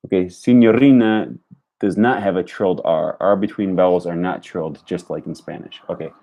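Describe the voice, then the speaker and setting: Young male language learner, deep and warm, thinks aloud and drills phrases. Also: normal speed. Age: young adult. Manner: repeats phrases aloud, analytical about sounds. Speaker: language learner streaming his study. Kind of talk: live-stream study session, thinking aloud.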